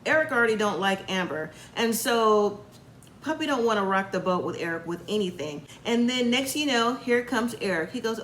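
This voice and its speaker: A woman hosts a casual reality show recap, retelling an episode in a chatty, opinionated way and acting out what people said. Her voice is medium-pitched, animated, a bit bright, and at normal speed. The recording is reverberant with slight background noise.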